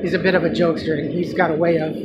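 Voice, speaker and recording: A man's voice: on the high side, level tone, rapid-fire, muffled recording. Emotional rambling man vlogging by traffic. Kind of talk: casual personal vlog.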